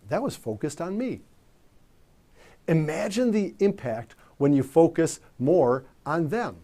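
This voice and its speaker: A man teaching communication skills in a measured, emphatic coaching manner. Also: fairly high pitch, animated, mellow. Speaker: communication trainer. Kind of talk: instructional presentation.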